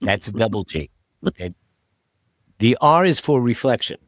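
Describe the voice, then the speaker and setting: A man hosting a podcast interview, talking in a relaxed, rambling way with plenty of fillers and restarts. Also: mid-range voice, normal speed, dry recording, studio quality. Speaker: podcast host. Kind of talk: casual interview chat.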